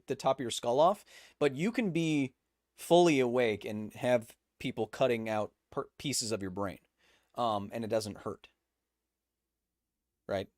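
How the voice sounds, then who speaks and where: A man's voice: medium pitch, no echo, clean studio sound. A man hosting a livestream, chatting casually and rambling with lots of fillers and restarts. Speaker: host.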